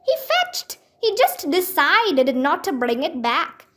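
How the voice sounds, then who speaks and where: A woman voicing an excited, energetic young girl who calls out eagerly. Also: sits high, takes it slowly, full character voice.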